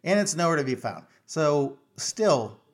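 A man's voice: a little high, very animated, a little slow. Chatty man telling a story. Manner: chatty, self-mocking, with fillers and restarts. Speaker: vlogger. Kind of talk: casual personal storytelling.

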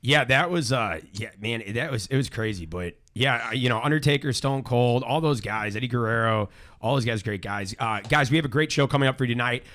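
A man's voice: medium pitch, fairly quick, a bit bright. A man hosting a casual podcast, rambling with many fillers and restarts, also reading sponsor spots and show plugs. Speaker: podcast host. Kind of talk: casual podcast chat with ad reads.

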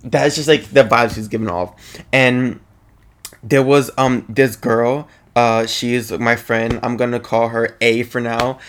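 A man's voice: mid-range voice, little pitch movement, unhurried. Man telling a rambling story. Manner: rambling, filler-heavy, laughs between lines. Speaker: podcast guest. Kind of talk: casual storytelling.

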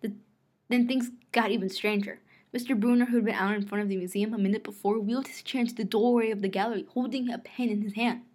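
A woman reads a novel aloud as an audiobook narrator, delivering the first-person text expressively. Her voice sits on the high side and moves quickly, and she rereads lines when she slips.

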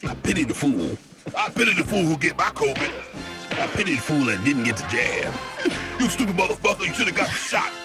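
A man voicing a brash, tough-talking male covid variant who throws profane threats around. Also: on the high side. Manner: swaggering, profane trash talk. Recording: music playing behind.

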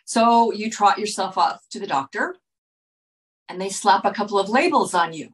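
A woman's voice: medium pitch, expressive, moderate pace, poor audio. A woman talking straight to her viewers in an earnest, lecturing way, often checking in with "okay?". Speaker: wellness speaker. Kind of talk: direct-to-viewer talk.

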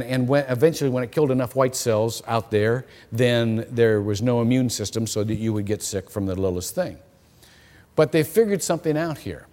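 A male pastor preaching a sermon, telling stories in an animated way with frequent repeated words. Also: medium pitch. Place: church hall. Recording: long reverb of a church hall.

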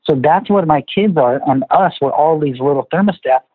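Male interview guest, animated storyteller, tinny phone-line sound, dry. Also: on the high side, normal speed, husky, no room sound. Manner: animated storyteller, acts out family dialogue. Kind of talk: conversational interview.

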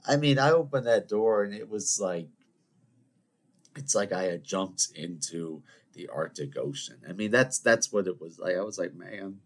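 A young man, hosting a podcast in a casual solo chat. He rambles, jokes at his own expense and talks in an animated way. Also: low-pitched, a little slow. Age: 20s. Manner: animated, rambling, self-mocking. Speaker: podcast host.

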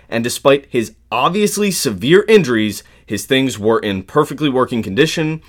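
A man hosting a casual true-crime podcast, telling the case in a loose, animated way and swearing freely. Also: mid-range voice. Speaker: podcast host.

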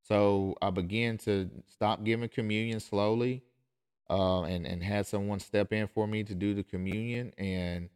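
A man's voice: lowish voice, fairly even intonation, measured pace, a little mellow, smooth. A man who is a pastor, hosting a podcast in an impassioned monologue, insistent and emphatic, often restarting his phrases.

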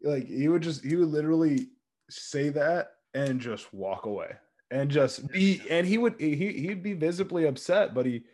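A man co-hosting a casual chat, telling animated stories with frequent laughs and swearing. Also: a little high, moderate pace. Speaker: podcast co-host.

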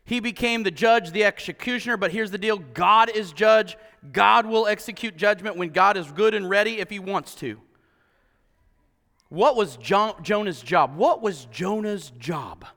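A male pastor delivers an animated sermon, firing rhetorical questions at his congregation. His voice sits high and bright. It carries with a long echo through a church hall. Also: a little slow.

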